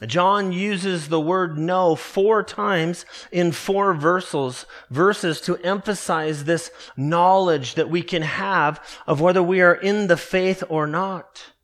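A man preaching a morning sermon, earnest and emphatic, slowing down to stress key words. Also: high voice, a bit bright. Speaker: pastor.

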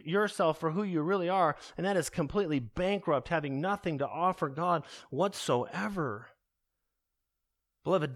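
A male pastor preaching a sermon, slowing down to stress key words and calling his listeners beloved. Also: sits high.

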